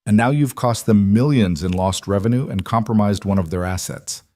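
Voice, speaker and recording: A man voicing a female colonel, crisp, controlled and commanding, with his own fairly low voice. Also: moderate pace, a little mellow, lightly acted. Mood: cool commanding. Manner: cool, clipped, controlled.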